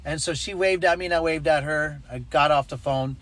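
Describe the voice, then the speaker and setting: A man's voice: a little high, a little fast, fairly bright tone. A man telling a personal story in a casual vlog, acting out the voices in it and adding preachy asides. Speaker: ministry network leader.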